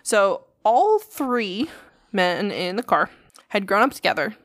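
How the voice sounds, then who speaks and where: A woman's voice: medium pitch, very animated, slow, dry recording, studio quality. A woman co-hosting a podcast, telling a story in casual, profane chat and acting out the quotes. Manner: profane, chatty, acts out quotes. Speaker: podcast co-host.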